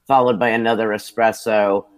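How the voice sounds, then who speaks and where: An American man, a television producer, telling lively, self-deprecating stories from his career in a casual interview. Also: on the low side, moderate pace. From United States.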